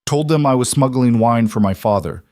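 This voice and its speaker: A man voicing a nervous but helpful young man leading an escape, talking in a hurried, breathless way. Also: mid-range voice, darkish tone, dry recording, studio quality, close to an everyday voice.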